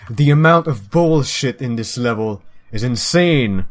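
A man hosting a game video, reacting with excitable, profane outbursts. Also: mid-range voice, unhurried, hardly any pauses, faint music behind. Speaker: gaming video host. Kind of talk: let's play commentary.

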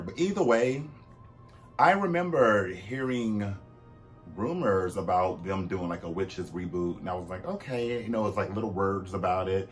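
A man hosting a vlog in casual, chatty commentary. He talks animatedly, with swooping pitch, sudden loud bursts and frequent fillers. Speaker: vlog host.

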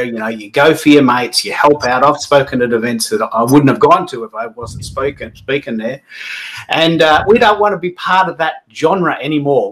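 A man's voice: medium pitch, fairly bright tone. An Australian man hosting a live stream, chatty and upbeat, rambling with frequent restarts as he welcomes guests. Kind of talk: casual live stream chat.

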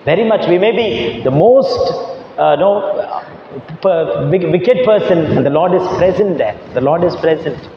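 A man's voice: fairly high pitch, animated, a little slow, slight background noise. A man, a Catholic priest, preaching a sermon emphatically and repeating his key lines for weight. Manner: emphatic preaching with heavy repetition. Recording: echoey church hall, dull lo-fi sound.

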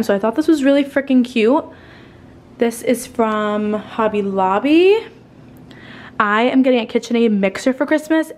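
A young woman vlogging at home in a casual, rambling, chatty way, sounding tired and a little out of breath, with casual swearing. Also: a little high. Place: at home indoors.

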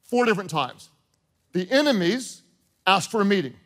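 A man preaching a sermon as pastor, animated, acting out short exchanges and repeating his points. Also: high-pitched, normal speed. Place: church auditorium with congregation.

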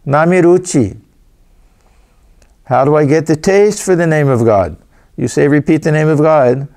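A man, a swami, reading scripture aloud and explaining it in a gentle way, often repeating and restarting his phrases. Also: a little high, expressive, normal speed. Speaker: swami giving scripture commentary. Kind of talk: reading with spoken commentary.

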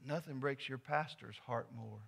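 A male pastor preaching a sermon in a church, telling a story earnestly and swinging from soft to loud. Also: mid-range voice, normal speed, creaky, husky. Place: church sanctuary.

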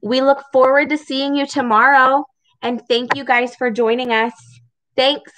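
A woman reading a picture book aloud to children, slow, expressive and encouraging. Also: high voice, no echo, rough recording. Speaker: storybook reader for children.

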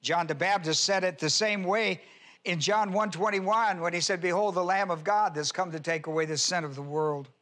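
Emphatic high-voiced male pastor. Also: fairly even intonation, normal speed, fairly bright tone. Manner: reads scripture aloud and spells out Greek words. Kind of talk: expository Bible teaching sermon.

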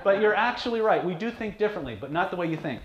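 A man's voice: high voice, expressive, rapid-fire, lo-fi sound. Blunt man lecturing in an echoey room. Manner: blunt, joking, asks okay often. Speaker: hypnosis teacher. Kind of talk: casual seminar lecture to a live group. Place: seminar room with audience. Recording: echoey room, faint noise.

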